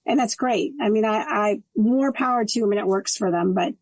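A middle-aged woman who is a guest on a podcast, chatting casually and telling animated stories, acting out quoted dialogue and swearing freely. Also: medium pitch, moderate pace, no room sound, poor audio.

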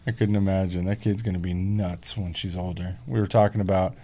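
A man in his thirties chatting casually as a podcast guest, telling family stories animatedly, swearing freely and mimicking squeaky kid voices. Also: fairly even intonation, a little fast, dark tone, slight background noise. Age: 30s. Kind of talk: casual chat.

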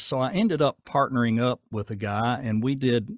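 A man with a Southern accent, talking casually in an interview in a folksy, down-to-earth way with a gruff edge. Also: medium pitch, fairly quick, no echo, studio quality. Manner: folksy, down-to-earth, rambling with fillers. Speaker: voice actor guest.

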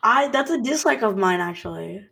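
A woman's voice: a little high, animated, moderate pace, vocal fry, a bit bright, breathy edge. A woman co-hosting a casual chat, giggly and laughing often as she talks.

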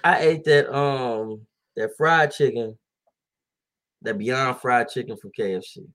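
Taking it slowly, a twenty-something podcast co-host with a medium-pitched, fairly bright voice chats casually. His storytelling is relaxed and full of slang, with plenty of laughter.

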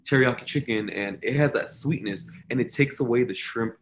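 Man, 20s, podcast guest, casual chat, mid pitch, emphatic, repeats points. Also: normal speed, slight background noise.

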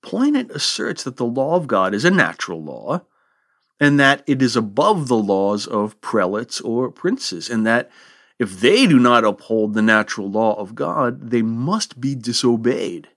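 A man's voice: medium pitch, sing-song, a little slow, fairly bright tone. A man hosting a history podcast, giving a scripted talk in a lecturing manner with dry asides.

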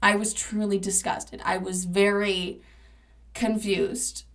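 A woman's voice: mid-range voice, little pitch movement, slow, a bit bright. A young woman hosting a podcast, telling a personal story in a candid, emphatic and often profane way. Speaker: podcast host. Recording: voice a bit distant from the mic.

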